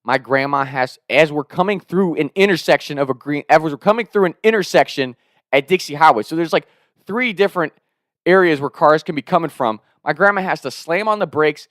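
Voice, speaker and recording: A young man in his twenties telling a wild story in a casual, animated way, swearing and laughing as he goes. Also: a little high, brisk, no echo, clean studio sound. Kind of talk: casual spoken anecdote.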